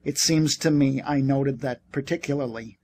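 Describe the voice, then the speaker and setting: A man's voice: medium pitch, normal speed, a little hiss or hum, lightly acted. A man voicing a desperate, irritable young male ex-soldier who talks in an exasperated, insistent way. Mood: weary. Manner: shouting, exasperated.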